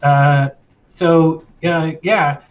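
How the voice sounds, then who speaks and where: A man voicing a nervous, flustered male town guard who stammers and gets excitable. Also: a little high, very slow. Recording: lo-fi with faint music.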